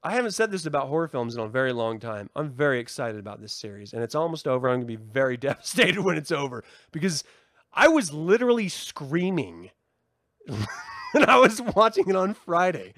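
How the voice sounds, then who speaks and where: A man hosting his own podcast, excitedly chatting, laughing and swearing often. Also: a little high, fairly quick, no echo, studio quality. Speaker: podcast host. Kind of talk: casual podcast chat.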